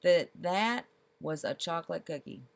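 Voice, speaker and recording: A woman's voice: lowish voice, lively intonation, creaky, no echo. A woman doing a quavering ancient councilor. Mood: dry. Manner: quavering, measured. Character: very old, shrewd male village councilor.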